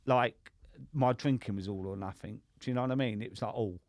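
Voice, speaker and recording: In a brisk, medium-pitched voice with a darkish tone, the middle-aged sobriety coach tells his story to the podcast, swearing casually and often asking "right?". There's no room sound, and the audio is studio quality.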